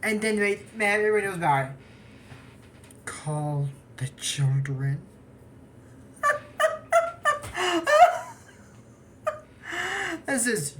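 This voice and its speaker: A woman's voice: medium pitch, wildly swooping pitch, drawn-out words, long pauses, noisy background. A woman casually recapping a cartoon episode, rambling off on tangents and giggling often. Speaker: anime episode reviewer.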